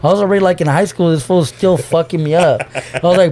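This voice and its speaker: This young podcast guest has a fairly high, mellow voice and talks quickly. He opens up about his family with loose, emotional slang, dropping "bro" constantly, cursing, and starting his sentences over as the heartfelt chat rolls on.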